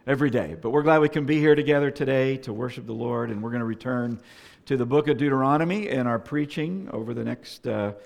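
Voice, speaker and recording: Gravelly-voiced man preaching in a hall. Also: medium pitch, fast talker, darkish tone. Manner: conversational storytelling with many fillers. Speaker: pastor. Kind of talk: sermon. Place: church sanctuary. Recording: echoey hall.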